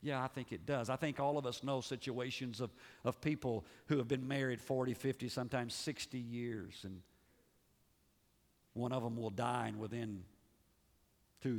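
A male pastor preaching a sermon, swinging between raised, emphatic passages and hushed, low ones. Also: normal speed, pauses often. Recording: long reverb of a large hall.

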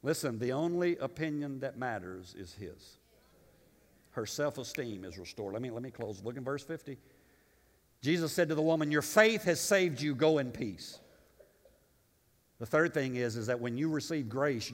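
A male pastor preaching an impassioned sermon, swinging between loud declarations and quiet, confiding asides. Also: mid-range voice, animated, normal speed. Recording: long reverb of a church sanctuary.

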